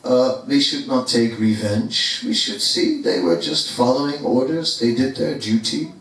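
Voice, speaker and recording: A man voicing a gentle, forgiving noble queen, speaking softly and calmly, in an echoey hall from far off. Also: medium pitch, unhurried, natural voice. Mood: gently pleading. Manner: soft, calm, pleading.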